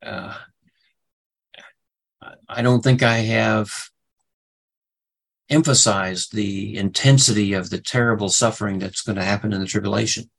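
A man teaching a Bible study lecture, halting with many fillers and restarts, and leaning hard on single words for emphasis. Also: fairly low pitch, fairly even intonation, creaky, poor audio. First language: English.

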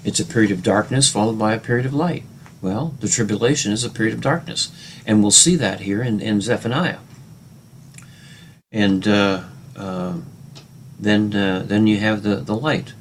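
A man teaching a Bible lesson in a relaxed, hesitant way, full of fillers and restarts, who reads scripture quotes out louder. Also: fairly low pitch, slight background noise.

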